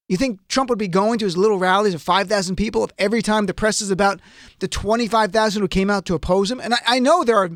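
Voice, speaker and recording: A man's voice: high-pitched, a bit bright, dry recording, clean studio sound. A man hosting a political talk radio show, delivering an indignant monologue that rises to outraged rants.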